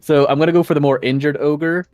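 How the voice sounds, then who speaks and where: A man's voice: fairly high pitch, fairly even intonation, quick pace, darkish tone, dry recording. A man playing a tabletop game, talking casually with giggles and frequent swearing. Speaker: player.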